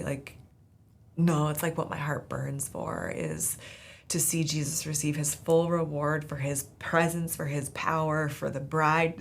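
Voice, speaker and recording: A woman talks through her faith story with casual, earnest warmth and keeps reaching for "like" as she thinks aloud. Her voice sits low with a gravelly, creaky texture. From Southern California. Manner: casual, earnest, many "like" fillers. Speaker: podcast host. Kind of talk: faith testimony talk.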